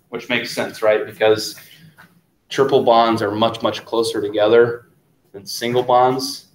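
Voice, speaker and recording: A man teaching a chemistry class in a relaxed lecture style, often stopping to ask if there are questions. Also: mid-range voice, far from the mic, a little hiss or hum. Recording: roomy classroom, voice from off-mic.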